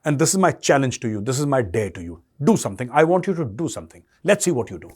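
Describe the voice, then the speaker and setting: Indian-accented man, middle-aged, mid-pitched voice, sarcastic political monologue, rhetorical questions. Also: sing-song, fast, slightly rough. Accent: Indian English. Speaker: commentator.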